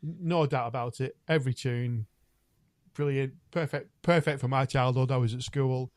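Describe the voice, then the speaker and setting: A man's voice: mid-range voice, steady tone, moderate pace, no echo. A man co-hosting a podcast, enthusiastic and blunt, often laughing. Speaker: podcast co-host. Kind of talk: casual chat.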